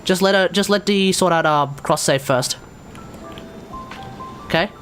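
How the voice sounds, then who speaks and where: A man's voice: high voice, measured pace, a bit bright, soft background music. A man streaming live, chatting casually and jokily with his guest, swearing freely. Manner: jokey, loose, swears freely. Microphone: headset earphones with mic.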